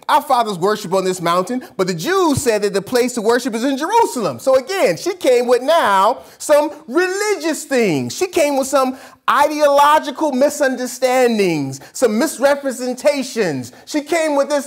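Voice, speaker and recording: An animated pastor delivers a sermon with a pitch that rises and falls freely. The delivery is emphatic and colloquial, driving points home by repeating phrases and posing questions before answering them. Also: normal speed. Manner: casual, colloquial preaching.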